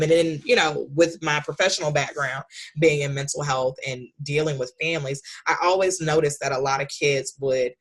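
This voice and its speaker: Low-voiced woman telling candid stories. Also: moderate pace. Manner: animated, swings into high voice when quoting her son. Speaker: podcast guest, author and speaker. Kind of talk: candid conversational storytelling.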